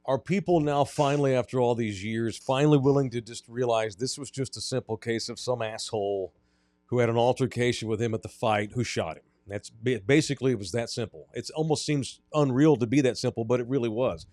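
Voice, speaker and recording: A man's voice: medium pitch, brisk, darkish tone, dry recording. A man with an ordinary mid-range voice co-hosts a casual interview. He asks blunt, conversational questions, and his voice sounds close and dry. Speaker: co-host.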